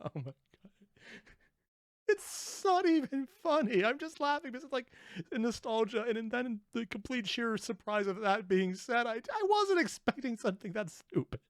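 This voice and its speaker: A man's voice: extremely high pitch, very animated, moderate pace, dry recording, studio quality. A man hosting a reaction video, who laughs and rambles in casual commentary and pokes fun at himself. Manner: laughing, rambling, self-deprecating.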